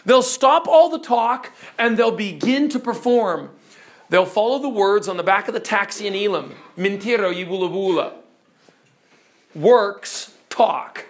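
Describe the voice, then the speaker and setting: High-voiced preacher quizzing his listeners. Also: moderate pace. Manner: emphatic, questions the listeners. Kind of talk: teaching sermon.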